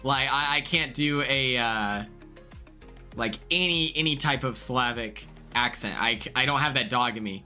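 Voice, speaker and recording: Bright, chatty young male streamer. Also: mid-range voice, normal speed, faint music behind. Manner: chatty and excitable, laughing often. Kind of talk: casual chat stream.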